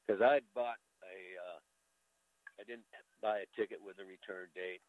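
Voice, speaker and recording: Older American man, very low voice. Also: steady tone, moderate pace, dry recording, rough recording. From United States. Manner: candid and emotional, with casual swearing. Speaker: veteran telling his story. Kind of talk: emotional storytelling in conversation.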